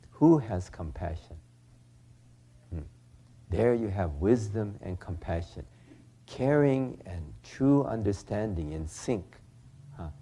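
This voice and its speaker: A man's voice: lowish voice, mellow, breathy edge. An older man from California, a Buddhist minister giving a folksy storytelling talk, acting out the characters and often asking "huh?".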